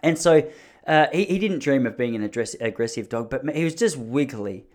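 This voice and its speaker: A man's voice: mid-range voice, expressive, normal speed, darkish tone. A man in his thirties telling rambling, joking stories in a casual monologue, often mocking himself.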